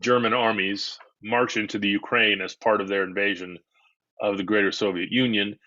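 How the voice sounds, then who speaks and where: A man lecturing as a history professor, measured, with frequent ums and uhs and repeated words. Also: fairly low pitch, flat delivery, sharp tone, dry recording, dull audio. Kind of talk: lecture to a live audience.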